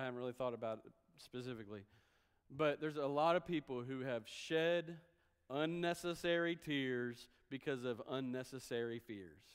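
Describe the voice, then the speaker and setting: Sitting high and smooth, this man's voice carries through a church sanctuary with long, hall-like reverb. He preaches as a pastor in a chatty style, performing the voices of those he quotes.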